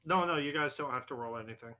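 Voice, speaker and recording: A man serves as game master for a tabletop horror game, narrating haltingly and filling gaps with lots of fillers. His voice is medium-pitched with a sharp tone, and soft music plays in the background.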